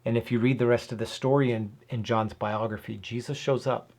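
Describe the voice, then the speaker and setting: A man's voice: mid-range voice, fairly even intonation, moderate pace, darkish tone. A man hosting his own channel, giving casual Bible teaching to camera in an earnest, emphatic way, often asking rhetorical questions and adding "right?". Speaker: host of a Bible and whiskey channel.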